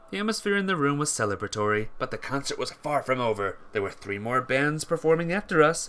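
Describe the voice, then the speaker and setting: A man reading a visual novel aloud in a let's play, with lively delivery and occasional stumbles and restarts. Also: mid-range voice, fast talker, hardly any pauses.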